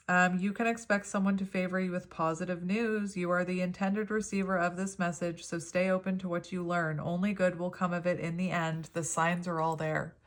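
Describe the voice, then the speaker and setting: Woman, 30s, tarot reader. Gentle, meandering, slightly low voice. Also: flat delivery, moderate pace, few pauses. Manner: gentle, rambling, spiritual. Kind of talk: pick-a-card tarot reading.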